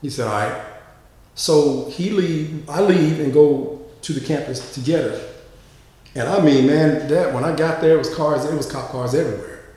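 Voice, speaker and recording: A man casually telling a story, with drawn-out fillers and lively quoted lines pitched higher. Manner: drawls, frequent uh fillers and repeats. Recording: very echoey room with long reverb.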